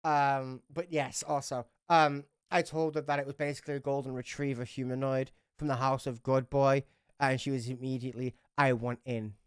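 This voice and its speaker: A woman's voice: extremely low pitch, flat delivery, moderate pace, smooth, dry recording, clean studio sound. A woman running a tabletop game livestream, chatty and swearing freely as she narrates. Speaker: game master.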